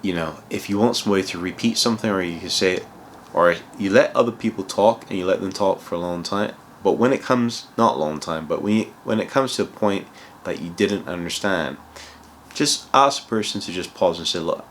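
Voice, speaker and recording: A man with a low, deep voice talks through advice in a loose, casual vlog style. He rambles, restarts his sentences and leans on "you know" as he goes. There is a faint hiss behind him. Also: brisk. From outside England, moved there. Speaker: cloud consultant giving career advice.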